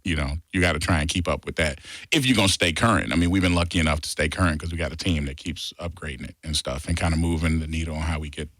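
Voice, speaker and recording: A man in a radio studio, telling a story in casual chat and acting out quotes with loud bursts. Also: extremely low pitch, fast talker, no echo. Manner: animated storyteller, acts out quotes loudly. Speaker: radio DJ guest.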